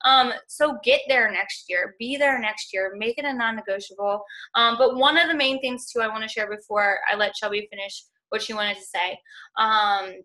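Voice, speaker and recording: A woman's voice: fairly high pitch, moderate pace, pushed and bright. A young woman leading a coaching team, giving an earnest, encouraging motivational talk on a group call, full of "like" and "y'all". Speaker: fitness coaching team leader.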